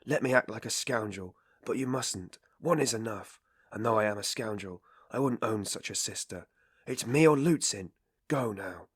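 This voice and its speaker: A man's voice: fairly low pitch, normal speed, slightly rough, no room sound, clean studio sound. A man voicing an irritable, feverish young student who speaks in curt, exhausted bursts.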